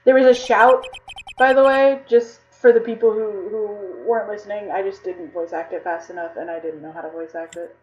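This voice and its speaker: Close to tears, this streamer acts out all the characters of a detective visual novel and talks with her viewers in between lines. Her mid-range voice has a darkish tone and moves at a normal speed. The audio sounds dull.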